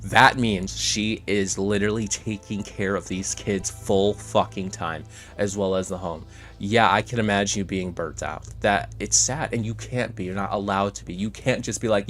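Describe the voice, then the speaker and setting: A man's voice: on the low side, steady tone, moderate pace, fairly bright tone, soft background music. A young man giving blunt, casual reaction commentary, swearing freely in a conversational way. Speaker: commentary channel host.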